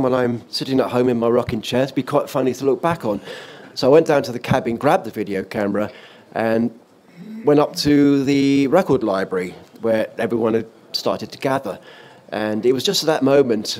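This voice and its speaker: An older man, a former offshore radio DJ appearing as a guest, tells an animated anecdote during a panel talk on an event stage or in a hall. His voice is middle-pitched, and he laughs and restarts a few times.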